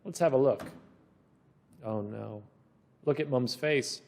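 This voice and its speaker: A man's voice: mid-range voice, slow, gravelly, a little mellow. A male teacher leading a children's reading lesson, reading a storybook aloud and asking encouraging questions.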